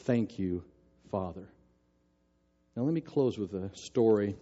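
An older man preaching a sermon, telling a story in a lively, self-mocking way. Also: fairly low pitch, a little slow, muffled recording.

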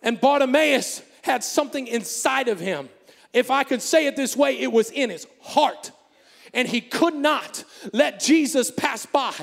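Man, preacher, fervent shouting sermon, very high voice, gravelly edge, long hall reverb. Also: animated, measured pace. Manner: fervent, shouting, call and response.

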